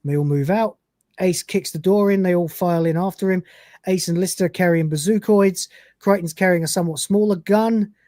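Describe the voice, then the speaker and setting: Casual, swearing stream host. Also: male voice, high voice, normal speed, dark tone, no echo. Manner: loose, swears, chatty narration. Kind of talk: live-stream script read-through, casual chat.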